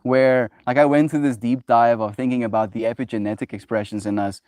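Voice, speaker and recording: A man's voice: mid-range voice, steady tone, brisk, a little mellow, dry recording. Reflective man, dry sound. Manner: reflective, uses many "like" fillers. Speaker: host. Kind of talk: casual conversation.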